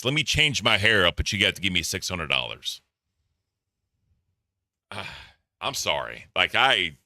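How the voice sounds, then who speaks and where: A man's voice: low-pitched, big pitch swings, measured pace, long pauses, pushed and bright, no echo, clean studio sound. A man doing casual reaction commentary, blunt and profane, reading donor messages aloud. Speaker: commentary streamer.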